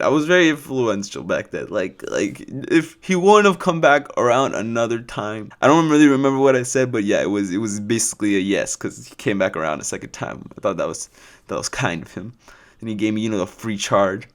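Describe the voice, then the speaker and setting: A young man from California tells a casual storytime vlog with a lowish voice. He rambles loosely and swears freely, with "like" in nearly every sentence. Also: lively intonation, a little fast. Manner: rambling and profane, full of "like" fillers. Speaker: vlogger.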